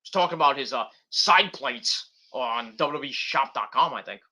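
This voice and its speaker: A man's voice: medium pitch, lively intonation, moderate pace, sharp tone. A man hosting a casual late-night wrestling podcast, rambling and profane with lots of fillers. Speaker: podcast host.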